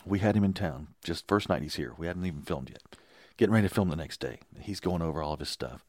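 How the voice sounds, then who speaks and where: A man, a filmmaker, chatting casually on a podcast and telling lively anecdotes. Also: sits low, fast, no echo. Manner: enthusiastic storyteller, impersonates people in quotes.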